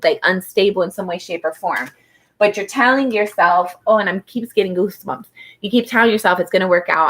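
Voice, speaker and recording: A woman with a lowish, slightly bright voice does a live-streamed tarot reading. She's chatty and heartfelt, says "like" constantly, and greets viewers by their names and star signs.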